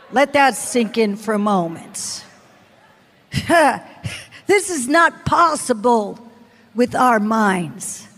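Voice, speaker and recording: A woman in her forties preaching and telling her testimony in a lively, animated way, often laughing. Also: high-pitched. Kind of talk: sermon testimony. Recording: long hall reverb.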